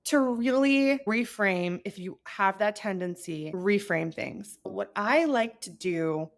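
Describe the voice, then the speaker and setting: A woman's voice: mid-range voice, animated, slow pace. A woman in her thirties hosting an advice podcast, talking in an earnest, chatty way that turns emotional at times. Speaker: podcast host.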